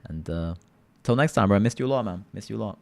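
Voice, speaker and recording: A man's voice: lowish voice, expressive, quick pace, vocal fry. A man streaming live and chatting casually with his viewers, talking in a laid-back, rambling way and often addressing the chat directly.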